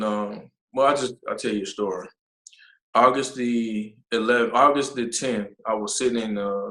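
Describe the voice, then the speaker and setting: Low, flat-voiced man telling his story. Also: echoey room, poor audio. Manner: halting, with many pauses and fillers. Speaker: nonprofit founder, interview guest. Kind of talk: telling a personal story in an interview.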